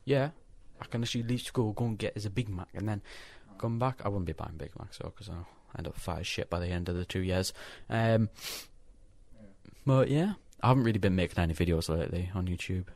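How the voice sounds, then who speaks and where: Teen boy, casual storyteller, curses freely, slightly low voice, dry close sound. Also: a little fast, darkish tone, dry recording. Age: teens. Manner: rambling storytelling, swearing. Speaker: co-host. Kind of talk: casual chat.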